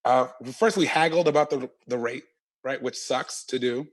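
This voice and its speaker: A man, a stand-up comedian, telling stories in an animated, slangy and profane way as an interview guest. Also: mid-range voice, moderate pace. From Canada. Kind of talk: casual interview chat.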